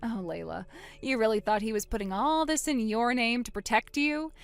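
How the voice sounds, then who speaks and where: A woman voicing a wronged older sister in a dramatized text-message story, speaking quietly and deliberately. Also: a little high, clean tone, faint music behind, natural voice. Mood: cold.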